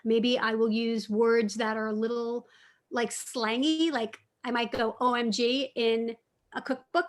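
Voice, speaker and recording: Middle-aged woman author, slightly high voice, chatty and self-correcting, casual talk with kids. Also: expressive, slow, long pauses, sharp tone. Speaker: cookbook author and food writer. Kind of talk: casual talk answering students' questions.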